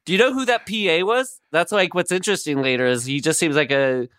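A man who is a guest on a podcast, chatting casually and spinning deadpan, absurd stories. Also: a little high, brisk, dry recording, clean studio sound. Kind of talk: casual comedic chat.

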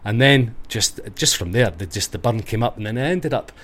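Speaking brisk and animated, this middle-aged man from Scotland has a mid-range, slightly bright voice and a Scottish accent. He's a guest in a relaxed interview, telling meandering tales and fixing details as he goes.

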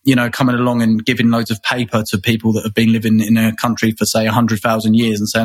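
Husky-voiced man from England. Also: on the low side, flat delivery, fast talker. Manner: rambling, with many restarts and repeated words. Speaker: guest. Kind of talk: conversational interview.

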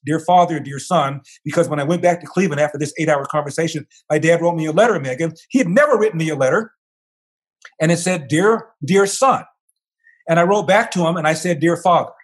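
An older man talking as an interview guest, telling a long personal story in an animated way and acting out the voices of the people in it. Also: a little high.

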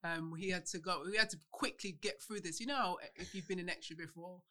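A man from the Midlands co-hosts a relaxed podcast chat in a very high voice for a man. He laughs easily and often speaks softly. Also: brisk. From English Midlands. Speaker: podcast co-host.

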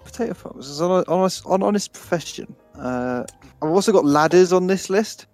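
A man's voice: high-pitched, lively intonation, fairly quick, a little mellow, no room sound, faint music behind. A man co-hosting a casual podcast, teasing and asking lots of questions. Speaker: podcast co-host. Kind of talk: casual chat.

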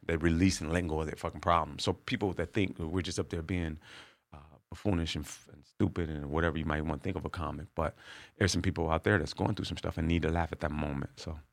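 A man with a deep, low voice tells a story as a podcast guest. He is a comedian who swears freely and acts out the other people in his tale. The sound is close and dry, with no room around it. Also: fast talker, no room sound. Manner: profane, animated storyteller acting out other people's lines.

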